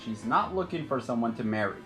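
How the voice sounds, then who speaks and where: A man's voice: medium pitch, animated, brisk, fairly bright tone, soft background music, natural voice. A man voicing an impatient teenage boy hero who answers curtly and dryly.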